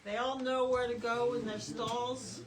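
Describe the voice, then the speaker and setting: A woman guiding a live-stream tour of a horse barn, relaxed and full of "um"s. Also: a little high, a little slow. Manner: relaxed, many fillers. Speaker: sanctuary guide. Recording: distant mic, crowd around.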